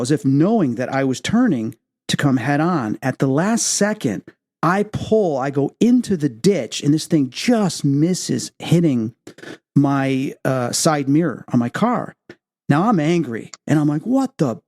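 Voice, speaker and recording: Mellow-voiced male show host. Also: fairly high pitch, unhurried. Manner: animated storyteller, acts out quotes. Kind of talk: interview and personal storytelling.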